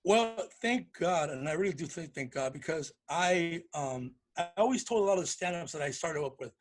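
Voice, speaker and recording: A male comedian guest telling animated stories in a casual interview and acting out the voices of people in his anecdotes. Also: fairly high pitch, normal speed, few pauses.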